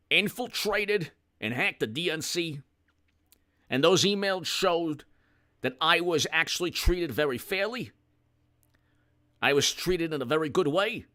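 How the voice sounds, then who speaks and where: A man's voice: fairly high pitch, pushed and bright, full character voice. A man doing a comedic impression of an indignant elderly male senator, hectoring and sarcastic. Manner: hectoring, sarcastic, stumbling emphatic speech.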